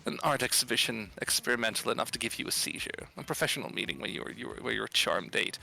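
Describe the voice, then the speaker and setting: Gravelly bright-toned male gamer. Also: mid-range voice, expressive, fast, low-quality recording. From outside the US. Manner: reads game text aloud with sarcastic asides. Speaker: gaming YouTuber. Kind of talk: casual let's play commentary.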